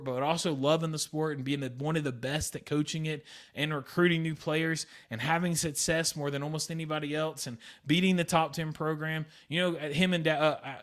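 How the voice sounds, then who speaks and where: A young man hosts a solo sports podcast, his voice sitting a little high for a man. He talks in a heated, exasperated rush and circles back over the same points again and again. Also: a bit bright. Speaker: podcast host.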